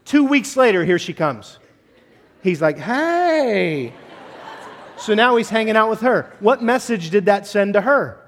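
A male pastor delivering a sermon with blunt, direct exhortation and a teasing edge. His voice sits somewhat high for a man. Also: expressive, normal speed.

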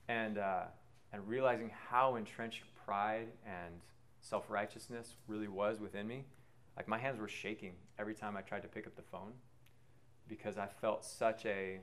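A man giving a personal faith testimony, earnest and reflective, pausing often with fillers as he talks. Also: lowish voice, a bit bright. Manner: halting, with many pauses and fillers. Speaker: speaker sharing a faith testimony.

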